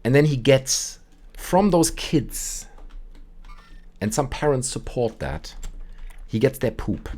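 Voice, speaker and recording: While playing on his live stream, a man who also hosts a call-in show rambles casually through stories, acting out quotes in put-on voices. His pitch is medium, and he takes it slowly with long pauses.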